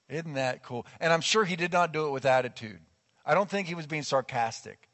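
A male pastor preaching a sermon in a lively, conversational way, acting out quotes as he goes. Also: fairly high pitch, a little fast. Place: church sanctuary. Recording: long church hall reverb.

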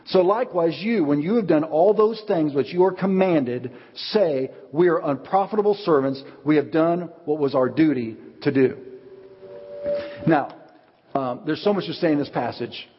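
A man preaching a sermon as pastor, telling stories with lively acted-out quotes. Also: fairly high pitch, moderate pace, breathy edge. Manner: animated storytelling, acts out quotes. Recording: dull audio with long hall reverb.

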